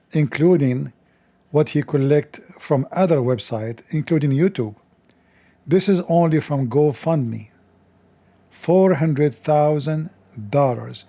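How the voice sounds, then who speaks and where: A male host delivers scornful commentary in broken English, full of sarcasm and insults. His voice sounds rough and strained, with a dark, mellow tone. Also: a little high, unhurried. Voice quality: non-native English with broken grammar.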